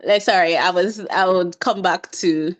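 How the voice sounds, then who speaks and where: A woman's voice: lowish voice, fairly even intonation, measured pace, highs cut off. A woman giving a talk, telling a personal story in a chatty, self-deprecating way and acting out bits of dialogue. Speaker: invited speaker on medical residency.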